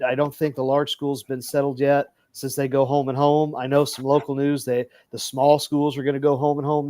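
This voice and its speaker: A man's voice: a little high, dark tone, clean tone, no room sound. A man hosting a casual sports podcast, rambling with lots of fillers and giggles. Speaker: podcast host and coach. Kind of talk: casual chat.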